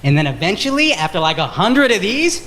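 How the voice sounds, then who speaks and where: A man in his thirties doing stand-up comedy and crowd work, loud and animated, shouting his punchlines in put-on voices. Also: sits high, a little fast. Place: comedy club stage before a laughing crowd. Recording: roomy live club sound with loud crowd noise.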